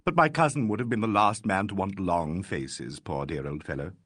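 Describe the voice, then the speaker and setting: A man's voice: low-pitched, moderate pace, fairly bright tone, no room sound, clean studio sound. A man voicing a melodramatic, self-pitying actor in a mystery audiobook, sighing and affected. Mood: wistful.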